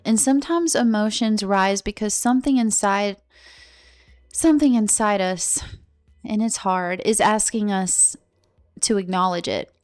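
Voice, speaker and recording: A woman's voice: medium pitch, measured pace, faint music behind. A woman reading tarot in a casual, chatty and emotional way, giving a spiritual talk indoors. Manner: chatty, emotional, laughs often. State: tearful. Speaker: tarot reader.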